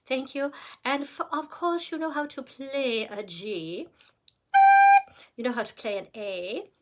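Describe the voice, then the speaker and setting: A woman's voice: sits high, a little slow. A woman music teacher giving a recorder lesson with patient, encouraging step-by-step instructions.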